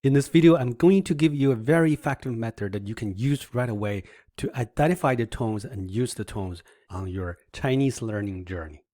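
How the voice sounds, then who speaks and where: A man teaching a language lesson over slides, patiently explaining step by step and demonstrating sounds out loud. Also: medium pitch, brisk, few pauses, no room sound, clean studio sound.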